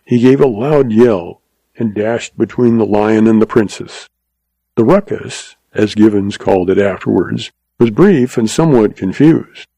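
A man narrating a story in a measured, expressive reading. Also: fairly low pitch, vocal fry, husky, no echo, rough recording.

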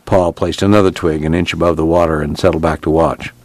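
A man narrating a novel in a steady, measured reading. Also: very deep voice, no room sound. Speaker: audiobook narrator. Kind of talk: scripted narration.

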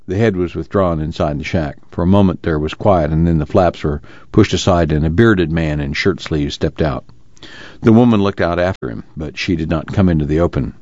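A man reading a novel aloud in steady, measured scripted narration. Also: sits low, dry recording. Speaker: audiobook narrator. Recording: dull lo-fi recording.

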